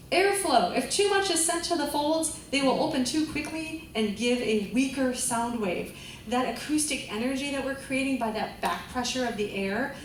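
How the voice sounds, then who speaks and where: A woman's voice: on the high side, slight background noise. A woman vocal coach teaching a group class, chatty and enthusiastic, often laughing. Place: large room with a class. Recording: echoey room, voice from a distance.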